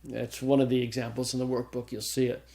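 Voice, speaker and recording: A man's voice: medium pitch, completely flat delivery, fast talker, dark tone. A man teaching a Greek grammar class, explaining step by step and checking in with his students. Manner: explanatory, checks in with "okay?", frequent restarts. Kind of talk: recorded classroom lecture.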